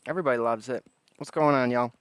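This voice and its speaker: Smooth-voiced joking livestream host. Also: male voice, medium pitch, fast talker, a bit bright, dry recording. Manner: joking, greets chatters by name. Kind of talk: casual late-night chat. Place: outdoors on a porch.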